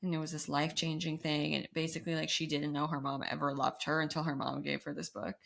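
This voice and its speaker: A young woman co-hosts a casual podcast, her voice sitting low and roughened by a gravelly fry. She tells her stories with an animated, sarcastic edge. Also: fast. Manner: chatty, sarcastic, animated storytelling. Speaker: podcast co-host. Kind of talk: casual chat.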